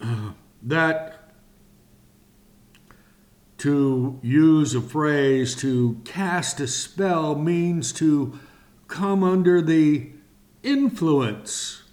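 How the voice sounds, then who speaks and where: A man teaching a sermon-style Bible lesson, speaking in slow, deliberate phrases with long pauses. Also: fairly high pitch, a little mellow.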